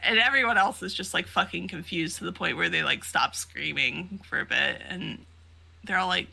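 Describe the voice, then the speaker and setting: A woman co-hosting a podcast in casual chat, animated, laughing often and swearing freely. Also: fairly low pitch, moderate pace, gravelly. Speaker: podcast co-host. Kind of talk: casual chat recapping a comic.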